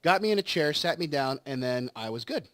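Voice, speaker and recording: Recovering from surgery, a let's play host chats casually over gameplay and tells a long, rambling story, acting out the quotes. His slightly high, fairly bright voice has lively intonation and a little fast pace, with no room sound.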